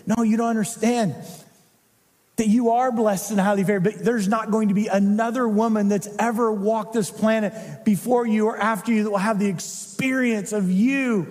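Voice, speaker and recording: High-voiced pastor preaching in a hall. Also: male voice, steady tone, normal speed. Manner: dramatic, shifts from loud emphasis to hushed intensity. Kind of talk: sermon. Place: church.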